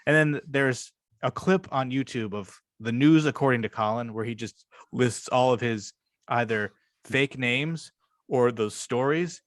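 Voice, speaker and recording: A man co-hosting a casual podcast, rambling with profane enthusiasm as he retells favorite moments. His voice sits at an ordinary middle pitch, and the close mic leaves it dry and free of room sound. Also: a little slow, a bit bright, no room sound. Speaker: podcast co-host. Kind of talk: casual chat.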